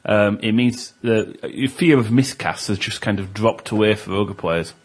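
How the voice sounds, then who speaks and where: A man with a British accent co-hosting a podcast, calmly explaining tabletop wargame rules with plenty of ums. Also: on the low side, normal speed, slightly rough. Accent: British English. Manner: relaxed, explains rules at length with fillers. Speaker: podcast co-host. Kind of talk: casual tabletop gaming chat.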